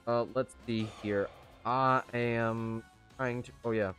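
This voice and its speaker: A man giving chatty, excitable live commentary on a game he is playing, with sudden high squeals. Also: slow, faint music behind. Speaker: streamer.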